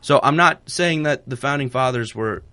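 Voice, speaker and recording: A man's voice: medium pitch, moderate pace, bright, forceful tone, no echo. A man hosting a radio show, chatting casually and rambling with lots of fillers and restarts. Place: radio studio. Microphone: studio microphone.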